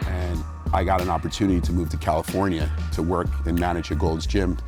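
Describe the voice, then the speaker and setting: Middle-aged guy with a really low voice, animated storytelling in an interview, faint music behind. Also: fairly quick. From New Jersey, USA. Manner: animated, acts out quoted voices. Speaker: guest bodybuilder.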